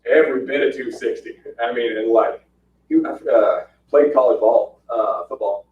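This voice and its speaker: A man's voice: medium pitch, normal speed. A man telling fight stories in casual chat, acting out quotes and laughing often. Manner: animated storyteller, acts out quotes, laughs often. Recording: roomy, distant, muffled podcast audio.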